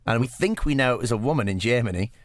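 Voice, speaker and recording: A man's voice: mid-range voice, expressive, a little hiss or hum. A man co-hosting a podcast, chatting and interviewing a guest in a jokey way. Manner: jokey, chatty, quick asides. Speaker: podcast co-host. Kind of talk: casual podcast chat.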